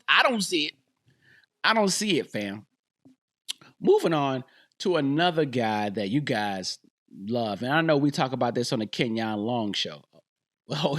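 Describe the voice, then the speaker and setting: Man, podcast host, high voice, very animated, joking. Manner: animated, joking, repeats lines for emphasis. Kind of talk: casual solo commentary.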